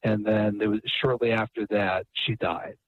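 A man's voice: lowish voice, fairly even intonation, normal speed, no room sound. A man guest retelling a story at length, with many restarts and quoted dialogue. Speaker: author and radio guest. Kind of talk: phone interview storytelling. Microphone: phone line. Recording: tinny phone line.

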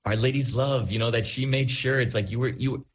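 A man, a priest guest on a talk show, responding thoughtfully and gently to a caller's story. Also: mid-range voice, fairly even intonation, brisk. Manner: gentle, searching, many restarts. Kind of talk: reflective talk show commentary.

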